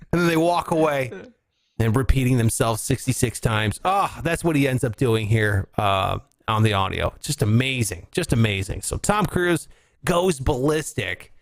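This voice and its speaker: A man's voice: mid-range voice, expressive, moderate pace, dry recording. A man hosting a radio show, chatting in a casual, profane, laughing way. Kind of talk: casual chat.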